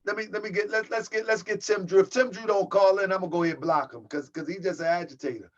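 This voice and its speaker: A man's voice: high voice, fairly even intonation, fast, highs cut off. A man hosting his own channel, delivering a heated, mocking rant and calling his viewers family. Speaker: channel host. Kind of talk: livestream rant.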